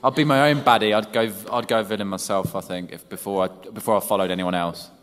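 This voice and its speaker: A man's voice: fairly low pitch, fairly even intonation, a bit bright, clear, resonant tone. A young male actor on a convention panel, bantering and joking with fans. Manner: jokey, quick banter. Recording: long hall reverb.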